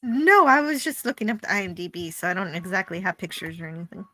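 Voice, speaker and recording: A woman on a livestream panel, chatting quickly and in a friendly way. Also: medium pitch, animated, bright, forceful tone, dry recording, poor audio. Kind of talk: casual livestream chat.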